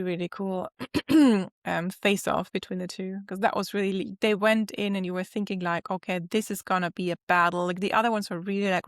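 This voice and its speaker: A woman co-hosting a podcast in casual chat, relaxed and agreeable, murmuring along often. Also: mid-range voice, smooth, dry recording, clean studio sound. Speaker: podcast co-host.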